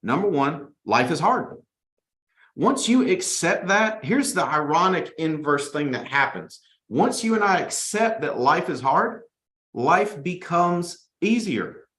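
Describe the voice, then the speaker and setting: A man hosting a weekly motivational talk to his sales team, energetic and fond of mocking complainers in whiny voices. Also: fairly high pitch, slow pace, reverberant. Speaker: host and sales team leader. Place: studio.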